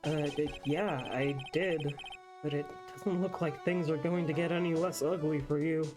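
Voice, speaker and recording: A woman voicing a weary young male lawyer with a dry, deadpan delivery. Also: deep voice, normal speed, over music, lightly acted.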